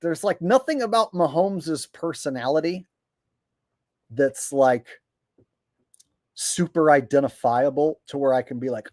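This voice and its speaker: A male streamer hosting a casual livestream reads viewers' super chats aloud in mocking voices, launching into blunt, profane, exasperated rants. His voice is a little high yet darkish, with lively intonation, an unhurried pace, and long pauses, recorded dry.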